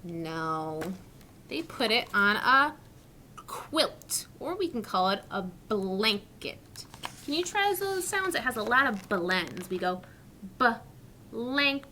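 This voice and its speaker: A woman teacher reading a story to young children, asking questions and modelling sounds slowly and clearly. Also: mid-range voice, big pitch swings, bright, forceful tone, a little hiss or hum. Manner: slow, clearly articulated, questioning.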